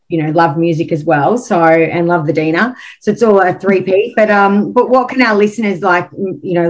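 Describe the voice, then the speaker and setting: A woman co-hosting a podcast, asking friendly, loosely worded questions. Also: fairly low pitch. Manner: friendly, rambling questions with fillers. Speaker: podcast co-host. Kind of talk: casual interview questions.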